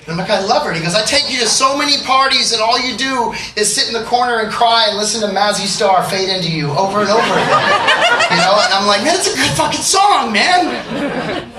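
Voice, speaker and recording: Speaking quickly in a high-pitched voice, a man entertains a concert crowd between songs with profane, comic stories, playing out the people in them. The recording is roomy and distant, with crowd noise audible.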